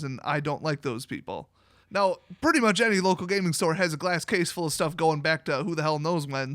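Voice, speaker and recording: A young man from Wisconsin hosts his own card game video, talking alone with blunt, emphatic sarcasm. His voice sits a little high for a man. The recording is dry and close, with no room sound. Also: a bit bright, no echo. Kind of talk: opinionated solo commentary.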